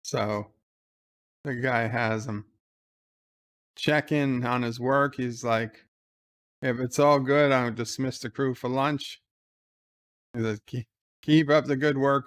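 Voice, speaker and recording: A man's voice: mid-range voice, a bit bright. A man giving casual live commentary on an episode, retelling scenes by quoting lines.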